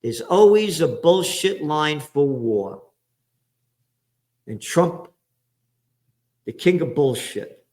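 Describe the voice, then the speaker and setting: A man's voice: on the high side, very animated, slow, long pauses, a little mellow. A man from the Bronx, hosting ranting political commentary in a profane, sarcastic, heated way, jumping from topic to topic. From the Bronx, New York. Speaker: commentator and host.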